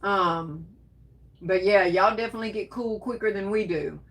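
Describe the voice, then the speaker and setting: A woman's voice: medium pitch, normal speed, a bit bright. A woman hosting a crafting livestream, reading viewer comments aloud and greeting people as baby and darling, sneezing and coughing now and then.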